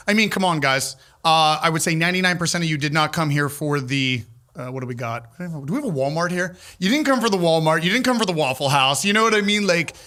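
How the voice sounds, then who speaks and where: A man who owns the building, telling stories in an animated, casual way at a live podcast and acting out the people he quotes. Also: on the high side. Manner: animated storyteller, acts out quotes. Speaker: building owner. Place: large old building, live audience.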